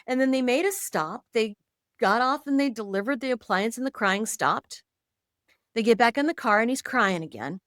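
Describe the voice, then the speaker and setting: A woman guest on a podcast, telling stories in an animated way and slipping into quoted voices. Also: on the high side, normal speed, no echo, studio quality. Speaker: podcast guest, intuitive and author. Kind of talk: conversational storytelling.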